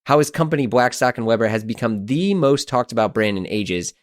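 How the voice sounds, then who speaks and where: A man in his thirties hosting a podcast, telling a story in an animated, exasperated, self-mocking way. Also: mid-range voice, brisk, dry recording, clean studio sound. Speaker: podcast host. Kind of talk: casual storytelling monologue.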